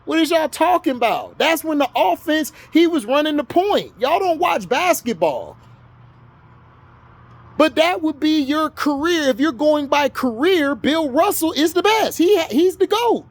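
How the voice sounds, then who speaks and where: A man's voice: very high-pitched, sing-song, a little slow. A man from Florida in the US, ranting heatedly about sports to his viewers, argumentative and scolding. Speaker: vlogger. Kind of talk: sports rant to camera.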